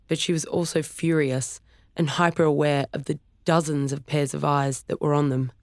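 Dry, steady audiobook narrator. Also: medium pitch, no echo. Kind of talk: scripted narration.

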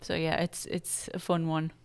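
A woman from England chatting casually as an interview guest, chatty and quick to laugh. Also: low voice, monotone, vocal fry, clean tone.

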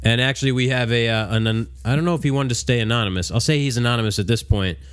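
A man's voice: mid-range voice, fast talker, clean tone, no echo, studio quality. A man co-hosting a casual podcast, laid-back and rambling, with frequent restarts. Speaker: podcast co-host. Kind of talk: casual chat. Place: woodworking shop studio.

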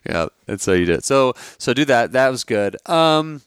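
A man co-hosting a podcast in casual chat, rambling and halting with lots of fillers. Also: mid-range voice, sing-song, smooth, no echo, clean studio sound. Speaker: podcast co-host.

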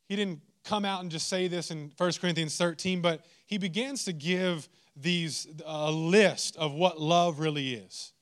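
A man preaching a sermon, animated and humorous, swinging into mock exasperation. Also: high voice. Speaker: pastor.

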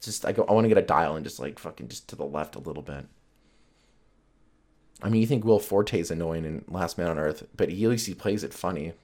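Male podcast host, deep voice, rambling, foul-mouthed, jokey. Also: darkish tone. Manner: rambling, profane, joking. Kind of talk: casual solo podcast chat.

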